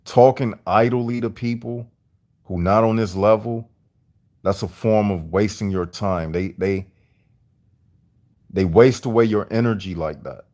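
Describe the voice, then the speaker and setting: A man delivering a deliberate, repetitive, preachy monologue to his viewers on a livestream. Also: on the low side, a little mellow. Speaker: vlogger.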